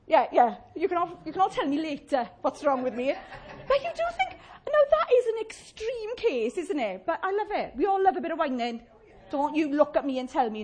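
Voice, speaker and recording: A woman's voice: sits high, sing-song, brisk. A woman preaching a chatty, humorous sermon, acting out little voices of complainers.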